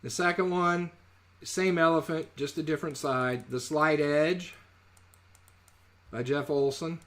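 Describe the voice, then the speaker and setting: A man with a voice pitched a little above the usual male range teaches trading in a relaxed live-webinar tone. He is chatty and jokey, tripping over words and fixing them as he goes. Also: unhurried. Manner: chatty, jokey, corrects himself mid-word. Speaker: trading educator.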